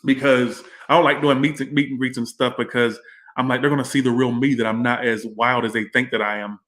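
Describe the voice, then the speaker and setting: A rambling, chatty man reads tarot on a casual livestream. His voice sits at an average pitch, and he swears freely as he talks. The room around him is echoey. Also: little pitch movement, a little fast, fairly bright tone. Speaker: tarot reader and livestream host.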